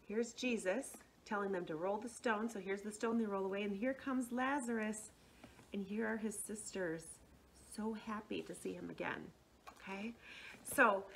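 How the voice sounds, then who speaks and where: A young woman who leads children's faith classes, gently telling a Bible story to children and often checking in with them. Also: medium pitch, a little hiss or hum. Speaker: children's faith formation director.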